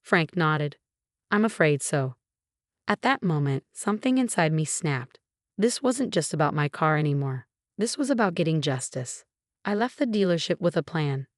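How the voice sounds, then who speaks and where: A woman narrating a story in a measured, even way. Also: low-pitched, no room sound, studio quality.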